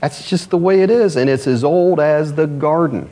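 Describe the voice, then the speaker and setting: A man, the pastor, preaching a sermon in an animated, conversational way, often asking the congregation rhetorical questions. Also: fairly high pitch, moderate pace.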